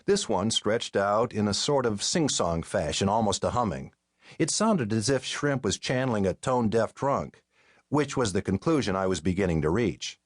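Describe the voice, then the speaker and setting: A male audiobook narrator with a low-set voice tells a mystery in the first person, wry and deadpan. His pitch moves freely and expressively through the lines. He is close on a studio mic in a dry, dead room. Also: moderate pace, no echo.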